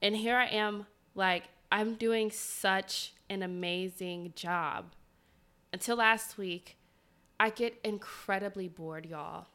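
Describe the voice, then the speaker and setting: A podcast host speaks straight to her listeners, casually sharing a personal story in an animated, dramatic style. Her mid-range voice is smooth and her pace is slow.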